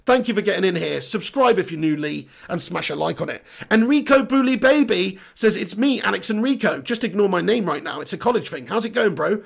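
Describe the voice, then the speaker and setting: A young man hosting a football channel, reading viewer comments in a chatty, blunt way while his voice is going hoarse. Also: sits high, animated, brisk, hardly any pauses. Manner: chatty, matey shout-outs, blunt opinions. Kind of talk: casual live-stream chat, reading viewer comments.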